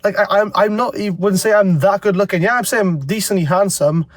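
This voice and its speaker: A congested young man with a fairly high voice talks straight to camera. He rambles bluntly and swears freely. The sound is close and dry. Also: fairly quick, dry recording. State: congested from a cold. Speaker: self-improvement vlogger. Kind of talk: casual talking-to-camera advice.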